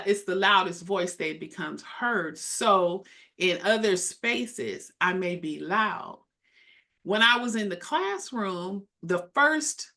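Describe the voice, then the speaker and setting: Bright, loud woman co-hosting a faith podcast. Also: mid-range voice. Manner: loud, emphatic, animated. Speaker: co-host, minister. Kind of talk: casual faith podcast discussion.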